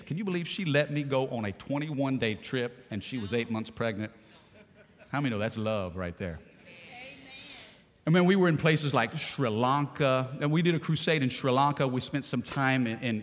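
A middle-aged man from Louisiana, preaching a sermon in a storytelling way that swings from hushed to shouting. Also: mid-range voice, big-room sound. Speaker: pastor.

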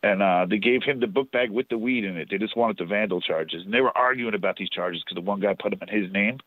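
A fast-talking New Jersey man with a fairly low voice guests on a podcast, where he also promotes shows. He tells profane, rambling stories casually, and the audio is narrow and tinny with no room sound.

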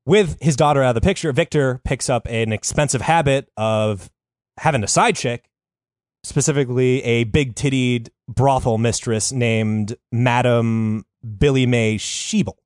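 A man's voice: medium pitch, a little slow, a little mellow, no room sound. A man hosts a loose podcast chat, walking his friends through a story with crude humor and plenty of "uh"s. His voice sits in a middle register and sounds close and dry, with no room around it. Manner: crude, joking, with frequent fillers. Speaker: podcast host telling a story.

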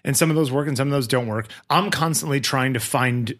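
A man's voice: medium pitch, brisk, a bit bright. A man who hosts the talk and shoots portraits, chatting eagerly and asking questions. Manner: enthusiastic, asks questions, many fillers. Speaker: host, portrait photographer. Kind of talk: casual conversation.

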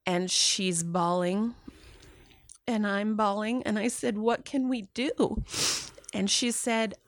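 A woman, a mother, recounting a painful personal story in a slow, halting way, acting out what others said to her. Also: mid-range voice, no room sound, clean studio sound. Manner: slow, halting retelling with quoted dialogue. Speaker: guest, mother.

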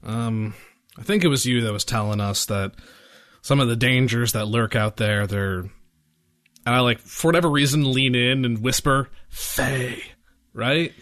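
A man speaks as a player in a tabletop game, casual and a little hesitant. His voice is mid-pitched and plain. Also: moderate pace, a bit bright.

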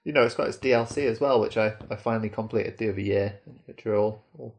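A man's voice: on the low side, fast talker. A man co-hosting a casual chat, talking hesitantly with trailing phrases. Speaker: podcast co-host.

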